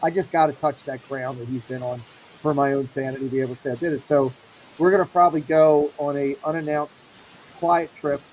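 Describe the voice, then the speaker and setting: A man's voice: fairly high pitch, fairly even intonation, brisk, a little mellow, a little hiss or hum, rough recording. A middle-aged man hosting a casual show, animatedly acting out the people in his story. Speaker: show host.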